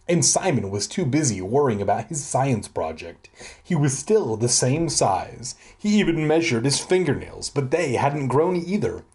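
A young adult man reads a children's book for comedic effect in a medium-pitched, darkish voice. He keeps stopping to throw in crude, irreverent asides.

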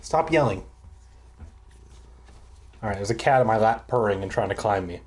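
A man's voice: fairly low pitch, fairly even intonation, rapid-fire, darkish tone, a little hiss or hum. A man reading a children's book aloud and breaking off into profane, self-mocking, rambling asides. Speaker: reader and commentator. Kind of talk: casual read-aloud with rambling commentary.

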